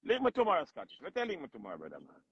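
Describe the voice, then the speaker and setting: A man with a Jamaican accent, bantering loudly and joking on a casual livestream, often breaking into laughter. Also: medium pitch, wildly swooping pitch, very fast, lo-fi sound. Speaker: livestream host.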